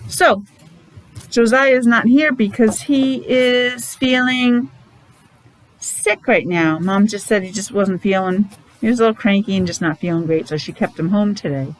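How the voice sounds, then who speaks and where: A woman's voice: mid-range voice, measured pace, low-quality recording. A woman teacher leading a morning meeting for young children, talking in an exaggerated, encouraging sing-song.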